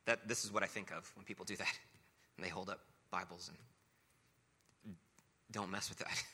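Male preacher, conversational sermon, bright tense voice, slightly low pitch. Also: steady tone, moderate pace, slightly rough. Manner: conversational, reads scripture aloud with emphasis. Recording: long reverb of a large hall.

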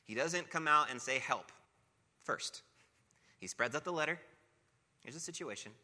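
A man's voice: on the high side, expressive, moderate pace, sharp tone. A man preaching a sermon, talking casually between passages of scripture that he reads aloud with emphasis. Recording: long reverb of a large hall.

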